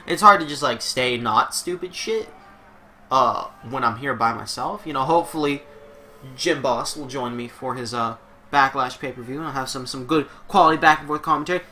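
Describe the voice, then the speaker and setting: Man, casual gameplay commentary, rambling, profane, jokey, bright punchy voice, mid pitch. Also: normal speed, slight background noise. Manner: rambling, profane, jokey asides to his dog. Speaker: video game commentator.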